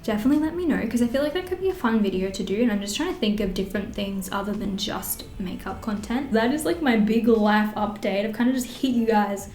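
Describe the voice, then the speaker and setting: A woman's voice: medium pitch, quick pace, few pauses. Chatty Australian woman vlogging. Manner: rambling and animated, many fillers. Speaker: beauty vlogger. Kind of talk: get-ready-with-me vlog chat. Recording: roomy echo.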